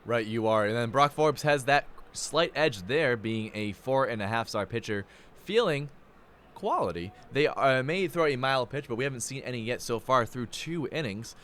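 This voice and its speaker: A young man calls the action live in a medium-pitched voice. His delivery is loose and jokey, full of playful asides between plays. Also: lively intonation, normal speed, fairly bright tone, a little hiss or hum. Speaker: play-by-play announcer. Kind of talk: live play-by-play commentary.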